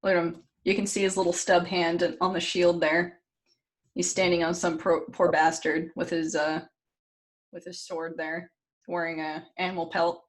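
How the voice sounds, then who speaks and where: A woman's voice: fairly low pitch, level tone, moderate pace. A woman podcast host telling a story casually in a loose, jokey way, with fillers and the odd curse.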